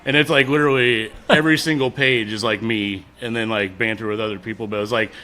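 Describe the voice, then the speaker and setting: A man's voice: lowish voice, steady tone, fast talker, pushed and bright. A man in his forties, a musician guest, chatting casually with many fillers and frequent laughs. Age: 40s. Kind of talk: casual interview chat.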